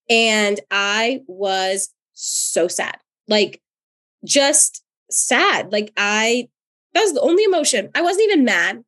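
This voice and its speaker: A woman from North Carolina co-hosting a podcast as a therapist, telling personal stories in an animated, chatty way with frequent laughter. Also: medium pitch. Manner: animated, laughs often, chatty with many fillers. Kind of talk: casual chat and personal storytelling.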